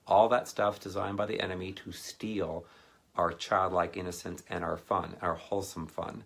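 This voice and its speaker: In a relaxed sermon, a ministry speaker with a low, gravelly voice rambles through a personal story at a moderate pace. His loose, anecdotal talk is full of fillers and asides, and he slips into animated voices when quoting people.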